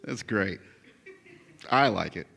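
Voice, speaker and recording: A man in his forties preaching a sermon as pastor, swinging from loud bursts to hushed whispers. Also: lowish voice, lively intonation, slow pace, gravelly. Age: 40s.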